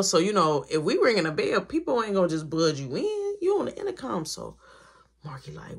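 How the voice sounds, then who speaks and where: A woman telling a personal story in a storytime vlog, animated and acting out every voice. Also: mid-range voice, fairly quick, slightly rough.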